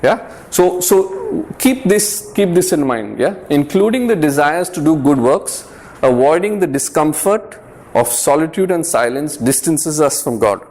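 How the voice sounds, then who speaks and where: A man's voice: on the high side, very animated, a little slow, darkish tone. A man giving an informal faith talk to a youth group, earnest and conversational, often repeating words and checking in with the room. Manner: conversational, earnest, lightly humorous.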